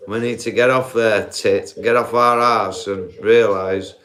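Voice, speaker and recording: Man, live-stream rant, unhurried and sweary. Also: on the low side, fairly even intonation, fairly bright tone. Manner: profane, laughs at own points, addresses viewers as guys. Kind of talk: ranting live-stream monologue.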